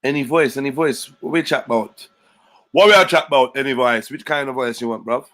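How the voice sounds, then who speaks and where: A man runs a casual livestream in thick street slang. He greets his viewers by name and keeps the talk loose and chatty in a middle-pitched voice. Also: a little fast, a bit bright. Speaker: livestream host.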